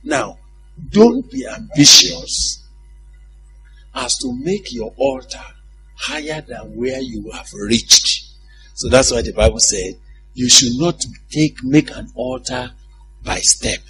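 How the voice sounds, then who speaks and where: A man's voice: mid-range voice, very animated, slow pace, vocal fry, bright, forceful tone, faint music behind. A male preacher giving a conversational sermon, often putting questions to his congregation and laughing at his own stories.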